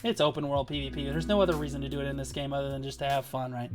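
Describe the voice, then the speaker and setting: A man's voice: mid-range voice, steady tone, racing, music in the background. A man talking casually on a livestream as a guild leader, rambling and swearing as he tells boastful stories. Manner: profane, rambling, boastful storytelling.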